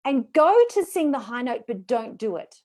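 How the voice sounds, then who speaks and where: A woman's voice: fairly high pitch, sing-song, normal speed, darkish tone. A woman voice coach leading a live online workshop, chatty and encouraging as she demonstrates vocal exercises.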